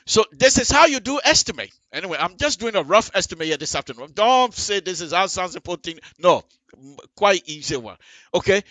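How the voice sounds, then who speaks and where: A man hosting a live radio talk show, explaining at length to listeners in an animated, emphatic way, repeating himself and addressing them directly. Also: sits high, fairly quick, dry recording. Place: radio studio.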